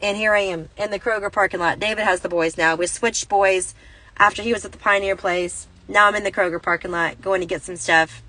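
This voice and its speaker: A woman's voice: medium pitch, steady tone, a little fast, sharp tone, low-quality recording. A woman in her thirties telling a rambling, self-correcting story in a casual vlog, recorded on a phone inside a parked car. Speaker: Christian vlogger.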